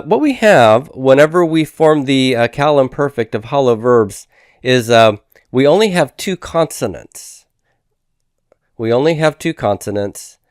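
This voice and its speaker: A man's voice: mid-range voice, clean tone, no echo. Male lecturer, patient and methodical, resonant voice recorded dry. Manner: patient, explanatory, repeats and drills forms. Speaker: Biblical Hebrew teacher.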